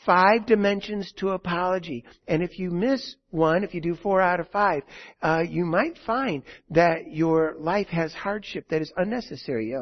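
A man delivers an earnest sermon in a husky, high voice. He pushes some lines out loudly and lets others fall to a near hush. The recording sounds a little dull and lo-fi. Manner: earnest, swings from loud emphasis to hushed, quiet lines. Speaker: preacher.

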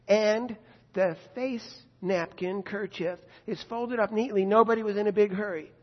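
A man's voice: high voice, steady tone, moderate pace. A man preacher retelling a scripture story in a conversational sermon, with vivid asides and rhetorical questions. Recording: dull lo-fi echoey hall.

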